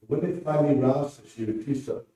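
A man's voice: mid-range voice, steady tone, fast, mellow. Man reading prose in an echoey hall. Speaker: writer reading his work. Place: presentation room. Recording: roomy hall from far off.

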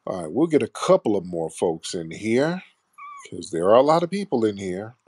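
A man's voice: fairly low pitch, big pitch swings, normal speed, a little mellow, breathy edge, dry recording. A man hosting a call-in show, sarcastic and combative, trading insults with callers and calling them sir.

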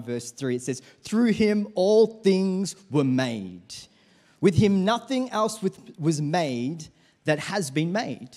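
Animated pastor preaching. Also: male voice, fairly high pitch. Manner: animated preaching with call-and-response. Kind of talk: sermon. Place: church.

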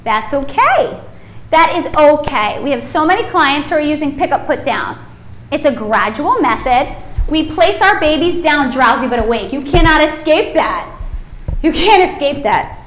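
A woman's voice: high-pitched, lively intonation, normal speed, a bit bright, reverberant. A woman sleep consultant teaching a workshop, chatty and emphatic, acting out babies and parents as she explains.

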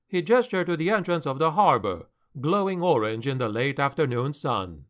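A man narrating a fantasy audiobook in a measured, steady storytelling manner. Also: on the high side.

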